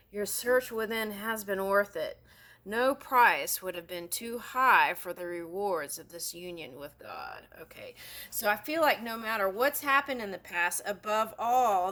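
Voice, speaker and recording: A woman doing a tarot reading, talking slowly and unhurriedly. Her voice is bright and forward. She reads passages aloud, then drifts into chatty, giggly commentary. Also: medium pitch. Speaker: tarot reader. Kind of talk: casual spiritual card reading.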